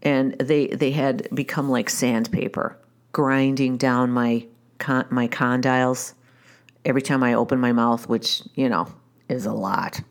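A woman with a notably low-pitched voice tells a story from her own life. Her delivery is candid and wry, with the loose rhythm of conversation and frequent restarts. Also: fairly even intonation, a little slow. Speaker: wife and mother. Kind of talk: personal storytelling.

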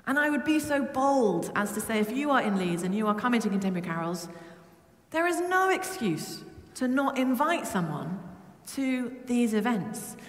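A woman from Britain preaching a lively, humorous sermon to her church. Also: a little high, moderate pace. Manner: humming song snippets. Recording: echoey church with long reverb.

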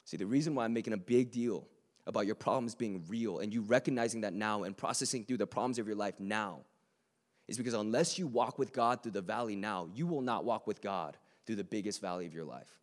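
A man's voice: lowish voice, fairly quick. A man preaching a sermon to a live room, earnest and conversational, with joking asides to the audience.

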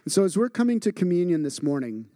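A man's voice: high-pitched, sing-song, quick pace, dark tone, no echo, studio quality. A man preaching a sermon as a pastor, earnest and repeating phrases for emphasis. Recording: music playing underneath.

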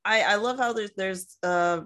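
A woman's voice: medium pitch, unhurried, fairly bright tone. Wry woman co-host chatting. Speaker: podcast co-host. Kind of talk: casual chat.

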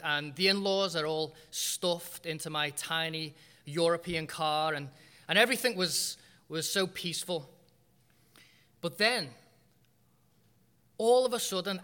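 Bright-voiced preacher in a reverberant hall. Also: male voice, high-pitched. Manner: humorous storytelling with dramatic pauses. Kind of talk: sermon.

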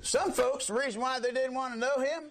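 High-pitched fiery preacher. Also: male voice, fairly quick, slight background noise. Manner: shouting, mocking, laughing, call-and-response. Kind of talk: fiery sermon.

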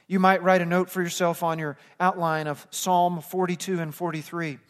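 A man's voice: high-pitched, flat delivery, normal speed, in a large hall. A man preaching a sermon as pastor, earnest, with casual acted-out asides. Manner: earnest preaching, acts out plain-spoken asides.

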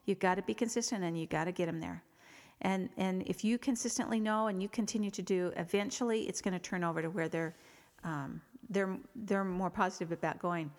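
In a fairly low voice, a little fast, a middle-aged parenting expert offers advice as a guest. Earnest and rambling, she tells personal stories and frequently restarts sentences, her words echoing in a hall with faint music behind.

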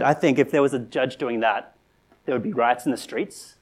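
A man preaching a sermon in a conversational, earnest way, asking rhetorical questions and rising to animated emphasis. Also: mid-range voice, normal speed, breathy edge. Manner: conversational with frequent restarts and "right?".

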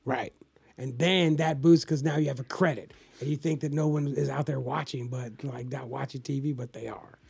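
A man's voice: mid-range voice, steady tone, moderate pace, gravelly, a little mellow, husky. A young adult man co-hosting a podcast in casual chat, rambling and profane with lots of filler words. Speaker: podcast co-host.

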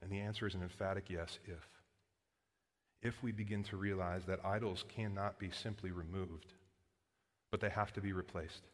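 A man's voice: low voice, fairly even intonation, moderate pace, in a large hall. A man preaching as pastor, casual and earnest, with frequent "like" and "guys" between points. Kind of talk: sermon. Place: church sanctuary.

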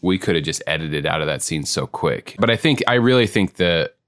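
Low-voiced reflective male co-host. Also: lively intonation, brisk, a bit bright, no room sound. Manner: reflective, self-critical, many fillers. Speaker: co-host, improv performer. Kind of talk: casual podcast chat.

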